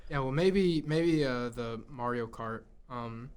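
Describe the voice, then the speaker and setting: A young man co-hosting a casual film podcast, jokey and excitable. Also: medium pitch, slow, clear, resonant tone. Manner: jokey, excitable, bursts into silly shouts. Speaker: podcast co-host.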